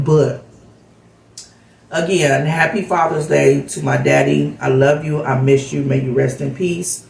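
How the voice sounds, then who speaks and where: A woman's voice: low voice, fairly even intonation, takes it slowly, vocal fry, a little mellow, far from the mic. A woman vlogger telling a heartfelt story in a casual, rambling way with lots of fillers, recorded off-mic in an echoey room. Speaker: vlogger host.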